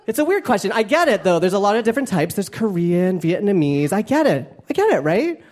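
A man's voice: high voice, sing-song, a little fast, a little mellow. A man performing a stand-up comedy set on stage, self-mocking and playful, often laughing through his lines. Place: comedy club stage before a live audience. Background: audience laughter and room noise.

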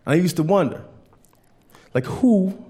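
A man's voice: sits high, animated, a little slow. Man doing a loose stand-up set. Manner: loose storytelling with loud acted quotes. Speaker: stand-up comedian. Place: comedy club stage. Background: crowd laughter.

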